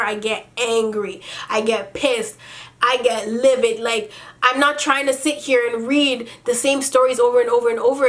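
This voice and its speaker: Woman, high voice, vlog host, blunt cursing rant, reads emails slow and flat. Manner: profane, exasperated ranting. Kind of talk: casual advice vlog.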